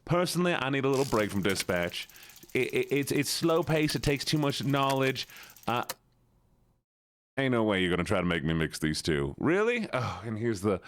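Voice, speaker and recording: A man streaming games, chatting casually with viewers in a put-on Southern drawl, playful and quick to repeat himself. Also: mid-range voice, big pitch swings, fairly bright tone, no room sound. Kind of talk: casual live-stream chat.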